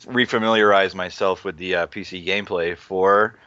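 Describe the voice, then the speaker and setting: A young man in his twenties, a gaming podcast co-host with a lowish voice, talks in a laid-back way and drops the odd swear. His mic sounds dull and dry. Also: fairly even intonation, normal speed, pushed and bright, no room sound. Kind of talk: casual gaming podcast chat.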